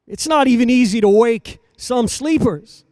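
A man preaching a sermon in a rhythmic, repetitive cadence, swinging between hushed lines and loud emphatic calls. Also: very high voice, measured pace, dry recording, studio quality.

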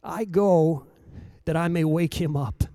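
A man preaching a sermon in a rhythmic, repetitive cadence, swinging between hushed lines and loud emphatic calls. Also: on the high side, slow, dry recording, clean studio sound.

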